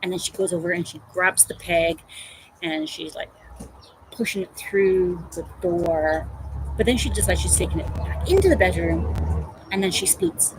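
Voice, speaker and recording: A woman hosting a casual crafting livestream, telling animated stories about her pet and reading out viewer comments. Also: on the low side, moderate pace, noisy background. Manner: chatty storytelling, animated. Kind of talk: casual chat.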